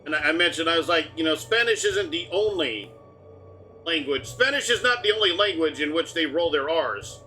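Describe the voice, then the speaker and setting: Male streamer, bright, slightly high voice, loose joking chatter, faint game music behind. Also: lively intonation, moderate pace. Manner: rambling, joking, talks through on-screen prompts. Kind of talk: casual live game commentary.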